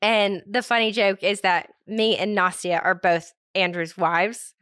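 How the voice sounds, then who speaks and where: A woman in her thirties, a guest on a podcast, chatting casually, full of "like" and softly trailing off. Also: mid-range voice, fairly even intonation, a little slow, clean tone, no room sound, clean studio sound. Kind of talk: casual chat.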